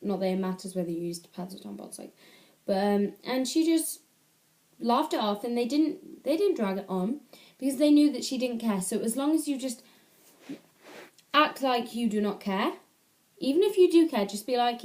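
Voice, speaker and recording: A woman's voice: fairly high pitch, lively intonation, moderate pace, pauses often, a little mellow, a little hiss or hum. A teenage girl from the UK chatting casually into an iPad camera at home, rambling and correcting herself as she gives advice. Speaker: vlogger.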